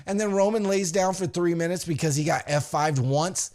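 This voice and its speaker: A man hosting a podcast, recapping a wrestling show with animated, profane storytelling and acted-out quotes. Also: a little high, normal speed. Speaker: podcast host.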